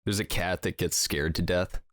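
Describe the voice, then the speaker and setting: A man's voice: low voice, steady tone, normal speed, fairly bright tone, no echo, studio quality. A man co-hosting a podcast, chatting casually and rambling through stories with lots of fillers and laughter. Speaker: podcast co-host. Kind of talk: casual chat.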